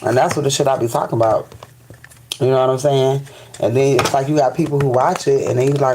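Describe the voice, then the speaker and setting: A man's voice: medium pitch, fairly even intonation, fast, background noise. A man hosting a spiritual live stream, ranting in casual, profane speech and repeating "you know what I'm saying.". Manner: restarts and stammers when fired up.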